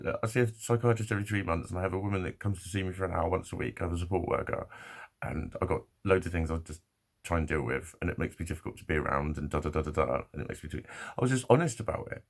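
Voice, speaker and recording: A man's voice: low-pitched, gravelly. A man telling a rambling personal story to camera, swearing often and laughing as he goes. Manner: swears freely, laughs often, animated retelling. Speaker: vlogger. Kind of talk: casual storytelling monologue.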